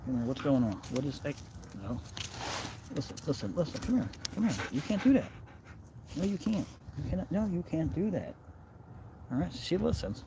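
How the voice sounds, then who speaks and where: A man vlogging outdoors by the water on a cold day, chatting in a relaxed, rambling way and talking to his dog. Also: mid-range voice, normal speed, long pauses. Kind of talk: casual outdoor vlog chat. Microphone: handheld phone camera. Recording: outdoor phone recording with background noise.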